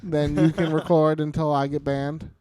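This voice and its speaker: A man's voice: fairly high pitch, level tone, moderate pace, warm tone, no room sound. A young man co-hosting a podcast, chatting casually and joking around with frequent swearing. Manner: profane, joking, rambling. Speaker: podcast co-host. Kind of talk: casual chat.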